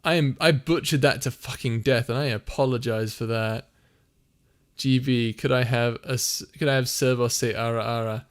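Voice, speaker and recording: A young man who streams and creates audio content chats casually on a live stream, reading viewer comments aloud and laughing often. His voice is mid-range, with fairly even intonation and a normal speed.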